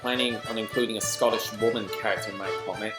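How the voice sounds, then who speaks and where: A man's voice: lowish voice, steady tone, fast, over music. A man with an Australian accent, hosting a reaction video with chatty, rambling commentary and self-deprecating asides. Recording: echoey room.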